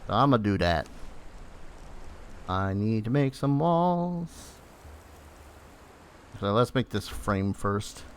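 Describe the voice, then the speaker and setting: A man's voice: on the low side, animated, slow, pauses often, slight background noise. A man streaming a game, giving casual commentary and muttering to himself with self-teasing remarks.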